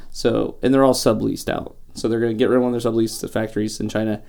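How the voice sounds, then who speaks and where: A man with a gravelly, mellow voice rambles through a casual podcast chat. He is argumentative and keeps circling back to his point. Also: lowish voice, little pitch movement, quick pace. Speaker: podcast co-host.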